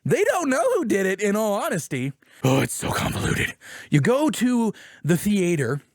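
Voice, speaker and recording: High, lively man telling a game plot. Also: dry recording, studio quality. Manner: animated, profane retelling of a video game plot; acts out characters with quick voice jumps. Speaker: podcast co-host. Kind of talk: casual chat.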